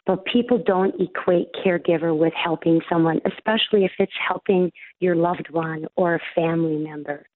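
A woman speaking as an interview guest from a caregiving agency, giving steady, explanatory answers. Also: on the low side, moderate pace, no echo. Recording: dry tinny phone line.

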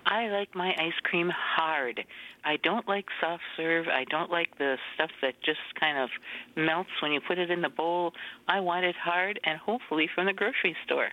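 A woman's voice: fairly low pitch, fairly even intonation, moderate pace. A woman calling into a radio show, direct and emphatic. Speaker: caller. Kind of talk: call-in radio question. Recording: dull phone line.

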